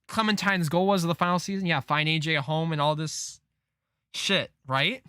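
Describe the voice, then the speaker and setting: A man reading a comic aloud on a live stream, reacting with disbelief and frequent swearing as he thinks out loud. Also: a little high, animated, normal speed, dry recording, clean studio sound.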